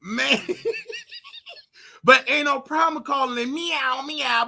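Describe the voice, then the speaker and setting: Flamboyant, animated man with a gravelly voice. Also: extremely high pitch, unhurried, pauses often. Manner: flamboyant and sing-song, sudden yelps and laughter. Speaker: online preacher commentator. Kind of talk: casual livestream rant.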